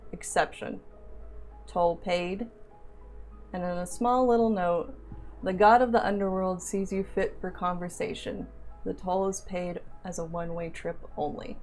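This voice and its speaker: Steady monotone woman narrating as game master. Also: lowish voice.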